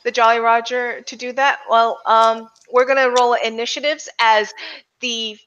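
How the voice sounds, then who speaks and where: A woman's voice: on the high side, flat delivery, unhurried, a bit bright, clean tone, lo-fi sound. A woman narrating a tabletop game as game master, in a loose, filler-heavy way with frequent restarts.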